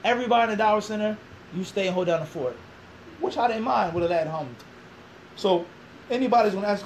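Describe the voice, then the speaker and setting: Man, interview guest, animated storyteller, high voice, rapid delivery. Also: slight background noise, rough recording. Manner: animated storyteller, acts out quoted dialogue, rhetorical questions.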